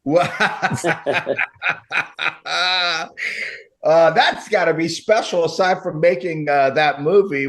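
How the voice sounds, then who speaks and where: A man's voice: on the high side, fairly bright tone. A middle-aged man, an actor guest, chatting casually and rambling with many restarts. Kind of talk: casual interview chat.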